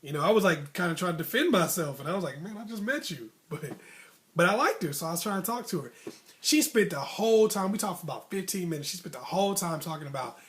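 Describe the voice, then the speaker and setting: A man with a high voice tells a story from his own life in a casual, chatty way. He gets animated and circles back, repeating points to drive them home. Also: fast talker. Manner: animated, repeats himself for emphasis. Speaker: vlogger telling stories from his life.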